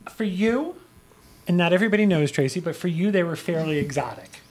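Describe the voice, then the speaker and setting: A man's voice: high-pitched, lively intonation, brisk. A man on a travel podcast panel who tells stories in a chatty, teasing way. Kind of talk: casual panel chat.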